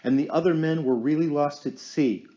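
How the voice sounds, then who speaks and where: A man narrating an audiobook in a measured storytelling manner. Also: on the high side, mellow, muffled recording. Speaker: audiobook reader.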